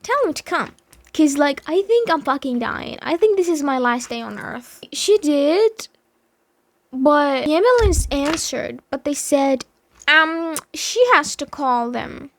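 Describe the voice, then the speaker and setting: A woman's voice: sits high, lively intonation, unhurried, dry recording. A young woman telling a story in a casual vlog, dramatic and emphatic, swearing heavily. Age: young adult.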